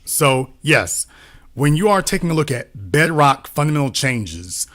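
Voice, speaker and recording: Man, casual commentator, bright ringing voice, rhetorical questions, restarts phrases. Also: a little high, very animated, unhurried. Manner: repeats himself, poses rhetorical questions. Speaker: political commentator. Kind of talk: casual discussion.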